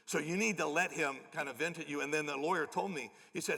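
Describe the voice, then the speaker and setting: Middle-aged male pastor, gravelly, bright, storytelling sermon, long hall reverb. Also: fairly high pitch, quick pace, few pauses. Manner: acts out quoted people with lively shifts. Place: church auditorium.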